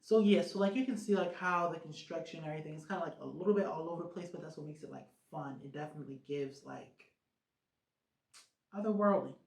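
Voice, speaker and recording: In an echoey room, a solo podcast host rambles casually, dropping lots of "um" and "like" fillers. The voice sits at a medium pitch, sounds gravelly, and moves at a quick pace.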